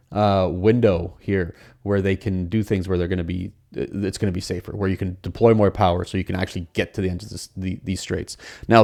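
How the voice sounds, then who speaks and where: A man's voice: sits low, vocal fry, dark tone. A man hosting a podcast on his own, talking casually with many fillers and restarts. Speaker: podcast host. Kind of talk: solo podcast commentary.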